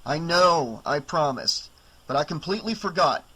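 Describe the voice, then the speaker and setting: A man's voice: fairly high pitch, animated, normal speed, pushed and bright, husky, heavily acted, rough recording. A man reading an audiobook, voicing a tired, kindly middle-aged male doctor who talks plainly and reluctantly. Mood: weary.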